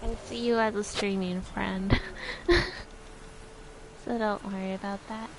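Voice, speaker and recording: A woman game streamer chatting softly with viewers, giggly and hesitant. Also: medium pitch, fairly even intonation, measured pace, slight background noise, rough recording. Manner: soft-spoken, giggly, hesitant. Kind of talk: casual chat.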